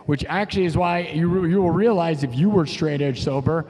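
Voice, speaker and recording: A man's voice: a little high, moderate pace, a little mellow. A young man streaming live, talking casually and emotionally, rambling and repeating himself while he grieves. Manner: rambling, emotional, repeats phrases, says dude and bro. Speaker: live streamer and improv musician.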